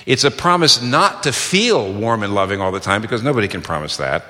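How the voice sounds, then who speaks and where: A man's voice: lowish voice, expressive, a little fast, bright, forceful tone. A middle-aged man preaching a sermon in an earnest, emphatic way, quoting sources and repeating key phrases for stress. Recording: long hall reverb.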